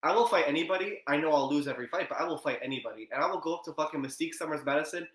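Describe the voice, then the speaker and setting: A man's voice: on the high side, racing, fairly bright tone, breathy edge. A man co-hosting a podcast, joking playfully through casual banter. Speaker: podcast co-host. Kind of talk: casual chat.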